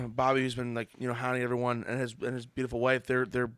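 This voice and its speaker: Man, podcast host, hoarse voice, breathless from laughter, dry close mic. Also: mid-range voice, completely flat delivery, quick pace, a bit bright, no echo. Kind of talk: casual chat.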